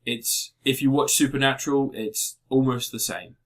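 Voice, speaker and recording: A man's voice: medium pitch, fairly even intonation, normal speed. A man co-hosting a podcast, chatting casually in a blunt, sweary, rambling way. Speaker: podcast co-host. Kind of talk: casual review chat.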